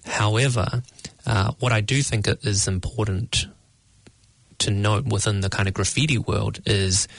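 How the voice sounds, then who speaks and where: Young New man, low gravelly voice. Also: steady tone, no echo. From New Zealand. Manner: measured, thoughtful, searching for words. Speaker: guest artist. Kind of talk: interview answers.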